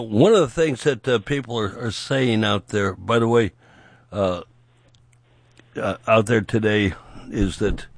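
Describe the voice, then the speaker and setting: A pastor hosting a radio talk show speaks in a halting way, full of fillers and restarts. The sound is dry and close, with no room in it. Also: male voice, on the low side, dry recording. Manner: halting, hesitant, many fillers.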